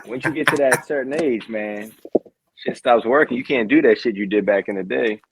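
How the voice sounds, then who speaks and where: A man's voice: medium pitch, moderate pace, slightly rough, no room sound, rough recording. A man co-hosting a podcast, talking casually and matter-of-factly about sports with his friend. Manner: relaxed, matter-of-fact sports talk. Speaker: podcast co-host. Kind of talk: casual chat.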